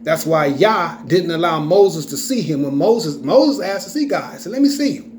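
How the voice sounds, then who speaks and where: A man's voice: a little high, lively intonation, normal speed, slight background noise. A man giving an informal scripture teaching in an emphatic way, often checking in with the listener. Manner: emphatic, keeps checking in with "okay?". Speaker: religious teacher.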